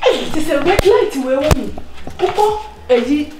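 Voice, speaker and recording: A Ghanaian woman acting in a comedy skit, bossy and animated, mixing Twi with English. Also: sits high, measured pace, noisy background. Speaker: comedy actor. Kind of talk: skit dialogue. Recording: with loud music behind.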